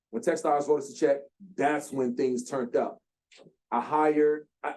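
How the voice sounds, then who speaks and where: Man, 30s, workshop speaker, lively storyteller who acts out the voices. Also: medium pitch. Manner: animated, acts out quotes with slang. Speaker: guest speaker, founder. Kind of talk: storytelling talk. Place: lecture room.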